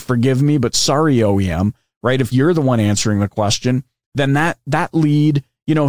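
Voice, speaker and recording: A man's voice: mid-range voice, a little mellow, dry recording, clean studio sound. A man hosting a podcast, talking through a screen demo in a loose, chatty way with lots of fillers and asides. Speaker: podcast host. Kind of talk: casual explainer with screen demo.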